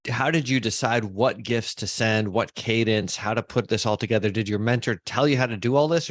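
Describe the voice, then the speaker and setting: Podcast host, man in his thirties, low and dry-sounding, relaxed and joking. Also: no room sound. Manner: easygoing, joking, asks long questions. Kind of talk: casual podcast interview.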